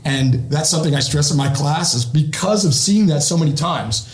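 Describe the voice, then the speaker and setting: A man's voice: on the high side, normal speed, echoey room. A middle-aged man, a retired police officer, telling stories as a podcast guest and acting out the quotes. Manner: animated storyteller acting out quotes. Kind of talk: podcast interview storytelling.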